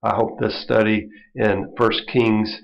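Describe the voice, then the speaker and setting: Gravelly man teaching a Bible lesson. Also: fairly low pitch, little pitch movement, takes it slowly. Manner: conversational, chuckling, lots of "you know". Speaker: minister teaching a Bible study. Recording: dull lo-fi recording.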